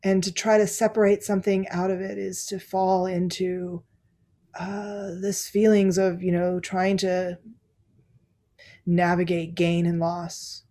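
A woman's voice: on the low side, flat delivery, measured pace, mellow. A woman Zen teacher giving a dharma talk, reflective and laughing often between thoughts.

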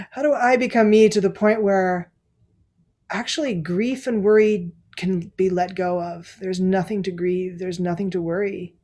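A woman's voice: medium pitch, dark tone. Reflective woman giving a dharma talk. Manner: reflective, laughs often, many fillers. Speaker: Zen teacher.

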